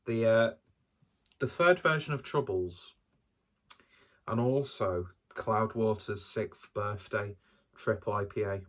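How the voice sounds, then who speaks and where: Rambling man reviewing beer, lowish voice. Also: takes it slowly, long pauses. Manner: rambling, hesitant, self-deprecating. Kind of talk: casual solo review.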